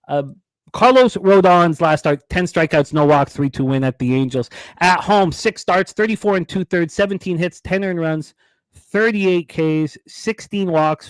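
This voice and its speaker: Slightly high-voiced man hosting a sports betting show. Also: no echo. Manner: rambling, reads stats and tells comedy stories. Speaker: sports betting radio host. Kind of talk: casual sports betting talk.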